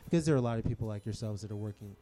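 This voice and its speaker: A man's voice: fairly low pitch, rapid-fire, mellow, faint music behind. A man being interviewed as a musician guest, talking casually with a hesitant, rambling manner and frequent laughs.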